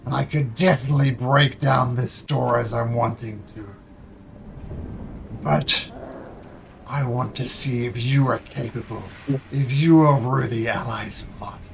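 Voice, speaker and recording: A man's voice: mid-range voice, fairly even intonation, unhurried, creaky, long pauses, slight background noise. A man voicing a proud, boastful black dragon who talks down to others in a grand, commanding way.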